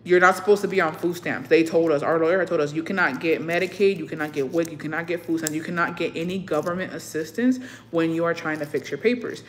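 A woman's voice: low-pitched, fast. Young woman cussing thru a story, flips into spanish, acts out the quotes, bit of faint background hum. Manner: profane storytelling, slips between English and Spanish; animated, acts out what people said. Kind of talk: casual chat.

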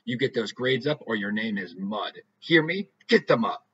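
A man voicing an angry father who barks orders forcefully. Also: fairly low pitch, normal speed, husky. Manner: barking, forceful. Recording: dull lo-fi recording.

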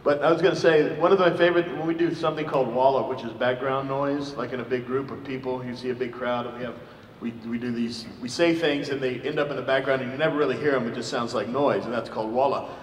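A man's voice: mid-range voice, fairly even intonation, fast, slight background noise. Man telling a joking story in an echoey hall. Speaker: voice actor on a convention panel. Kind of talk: casual anecdote, laughing. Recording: echoey convention hall, mic from far off.

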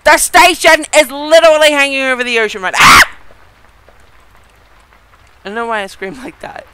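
A gaming video host giving excited let's-play commentary, chatty with viewers, giggling and yelping at surprises. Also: high voice, fast talker, raised voice, background noise. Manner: chatty, talks straight to viewers.

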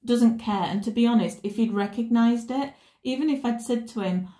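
A woman talks through a tarot reading in a loose, rambling way, stopping and restarting her sentences. Her voice is mellow and warm rather than bright. The room gives her voice a noticeable echo. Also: medium pitch, normal speed. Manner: rambling, self-correcting storytelling. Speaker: tarot reader. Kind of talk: casual tarot reading chat. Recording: roomy echo.

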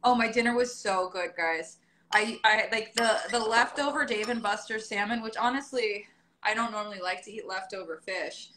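A woman's voice: mid-range voice, normal speed, sharp tone, a little hiss or hum. Chatty woman in an echoey kitchen. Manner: chatty, rambling, laughs often. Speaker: vlogger doing a live stream. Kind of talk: casual live-stream chat while cooking. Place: home kitchen. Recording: echoey kitchen with dish clatter. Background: clinking cutlery and dishes.

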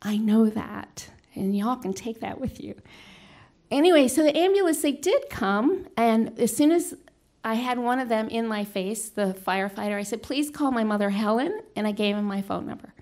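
Middle-aged woman, fairly high voice, earnest live storyteller on stage, halting delivery with bursts of shouting. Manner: earnest, halting, with restarts and sudden loud yelled lines. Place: small stage venue before an audience.

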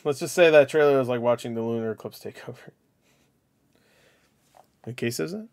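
A young man hosting a live stream, reading viewer comments aloud and answering with crude jokes. His voice sits at an ordinary middle pitch, drops to a mumble, then jumps into loud mock outbursts. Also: a little fast, pauses often.

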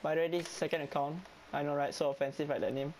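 Excitable Singaporean gamer guy. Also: fairly high pitch, very fast, a little hiss or hum, poor audio. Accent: Singaporean English. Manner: excitable, pleading and whiny with teammates, breaks into laughs. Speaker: gamer streamer. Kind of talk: live gameplay commentary.

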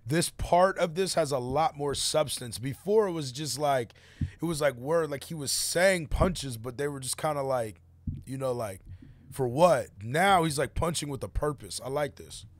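A man's voice: on the high side, moderate pace, no room sound. A man giving casual, slang-heavy reaction commentary on a song he is playing, full of fillers like "like" and "you know.". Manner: laid-back slangy opinions, many fillers. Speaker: music reaction host.

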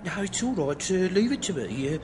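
A man's voice: high-pitched, very animated, brisk, a little mellow, a little hiss or hum. An actor playing an evasive old male bus passenger who ums and fumbles for excuses. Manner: hesitant, umming excuses.

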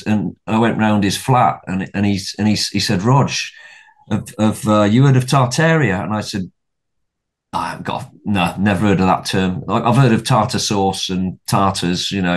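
A man's voice: medium pitch, a little mellow. A middle-aged man, a podcast guest, telling a story in casual conversation, rambling with many restarts and repeated words and swearing freely.

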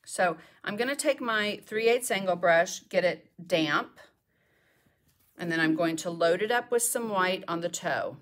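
A woman's voice: fairly low pitch, lively intonation, a little slow, a bit bright. A middle-aged woman teaching a live painting tutorial, chatty and talking to herself as she works. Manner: chatty, talks to herself while working. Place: home art studio.

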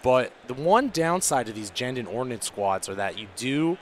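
A man's voice: medium pitch, big pitch swings, normal speed, a little hiss or hum. A man commenting on a tabletop game tournament in a casual, analytical way, explaining the rules in detail. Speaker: match commentator.

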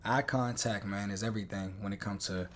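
Hyped-up man reacting live. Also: brisk. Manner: excitable, swings between loud hype and low asides. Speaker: streamer reacting to a video.

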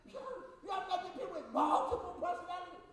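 A middle-aged man preaching a sermon in a church, joking with the congregation and shouting to drive points home. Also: extremely high pitch, expressive, rapid-fire. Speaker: pastor. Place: church sanctuary. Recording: echoey church hall, mic at a distance.

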